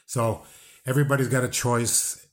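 A man hosting a chat show, talking deliberately with dry, wry asides. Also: mid-range voice, fairly even intonation. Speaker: podcast host. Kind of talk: casual interview chat.

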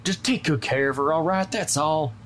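Woman, very deep voice, gruff and exasperated, in-character tabletop role-play. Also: normal speed, heavy background noise. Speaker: tabletop player.

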